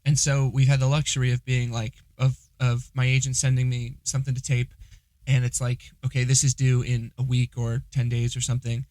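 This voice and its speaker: A man's voice: mid-range voice, level tone, a little fast, darkish tone, no room sound. Young man, podcast co-host, casual self-deprecating chat, dry close sound.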